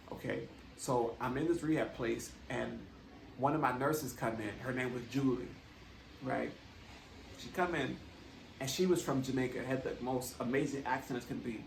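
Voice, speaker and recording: A man's voice: medium pitch, normal speed, echoey room, far from the mic, slight background noise, low-quality recording. A man earnestly telling a personal testimony in a conversational way, often checking in with his listeners. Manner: earnest, conversational, tags with "right?". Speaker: vlogger.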